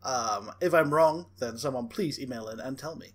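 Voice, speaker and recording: A man's voice: medium pitch, moderate pace. A man co-hosting a casual podcast, chiming in with dry corrections and precise details. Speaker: podcast co-host. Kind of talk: casual chat.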